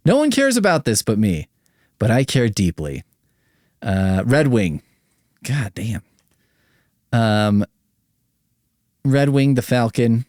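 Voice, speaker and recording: Male podcast host, low voice with a wide range, profane, rambling and self-mocking, recorded dry. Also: a little mellow, dry recording. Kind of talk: casual solo podcast talk.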